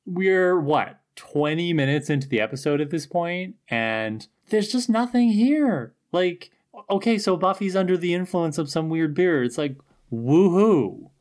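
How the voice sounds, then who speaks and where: A woman's voice: on the low side, measured pace. A woman co-hosting a podcast, chatting casually and critically about an episode. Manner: exasperated, critical, expressive. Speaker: podcast co-host.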